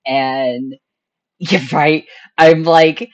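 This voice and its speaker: A young woman hosting a charity stream, telling a story in casual chat, animated and laughing often as she acts out her own thoughts. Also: low-pitched, very slow, highs cut off.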